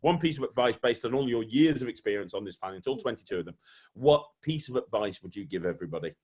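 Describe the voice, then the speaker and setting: A man's voice: lowish voice, animated, fast talker, a little mellow, slightly rough. Enthusiastic man hosting an interview. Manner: effusive, enthusiastic praise. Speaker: podcast host. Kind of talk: casual interview.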